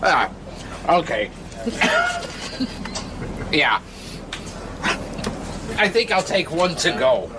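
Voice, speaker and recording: A man talking slowly and mumbling, with frequent giggles. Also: a little high, huge pitch swings. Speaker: show guest. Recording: loud background noise.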